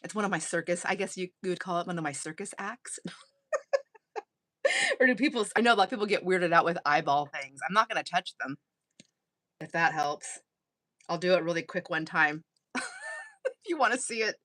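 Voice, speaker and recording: A woman's voice: fairly low pitch, lively intonation, fairly quick, pauses often, fairly bright tone, no room sound. Chatty woman, dry close sound. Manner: chatty, rambling, laughs often. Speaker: craft channel host. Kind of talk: casual live-stream chat.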